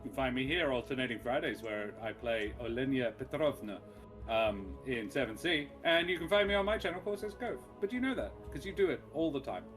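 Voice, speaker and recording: A man's voice: medium pitch, animated, a little fast, a bit bright, faint music behind. Chatty, jokey man. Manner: jokey, rambling, laughs often. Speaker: player. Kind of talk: casual pre-game chat.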